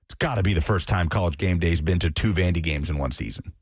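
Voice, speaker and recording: A man's voice: deep voice, quick pace, breathy edge, no room sound, clean studio sound. A man co-hosting a sports radio show, breaking down a game in casual talk with frequent fillers. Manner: analytical, hedging with fillers.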